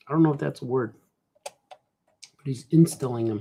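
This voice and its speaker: A man's voice: mid-range voice, measured pace, pauses often, dark tone, husky. A man, a cartoonist, chatting casually while he draws, rambling playfully and joking to himself. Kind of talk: casual chat while drawing.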